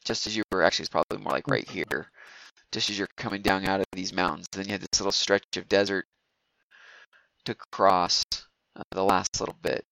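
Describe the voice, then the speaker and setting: A man's voice: sits low, creaky, a bit bright, no echo, rough recording. A man narrating as game master of a tabletop game, rambling with many fillers and restarts.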